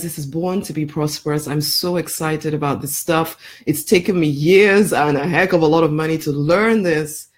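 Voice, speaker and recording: Woman coaching to camera, keeps saying honey, repeats herself for emphasis, laughs a lot. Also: deep voice. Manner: emphatic, repeats key phrases, calls listener honey; laughs often between phrases. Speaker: life coach. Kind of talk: promotional live video talk.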